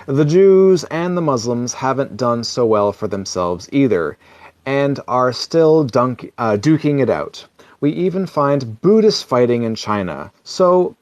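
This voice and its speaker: A man reads aloud in a relaxed, comic way and keeps drifting into wry side remarks. He often chuckles at his own jokes, and his voice sits at an everyday middle pitch. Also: no echo. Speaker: social video reader. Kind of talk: casual comic reading with asides.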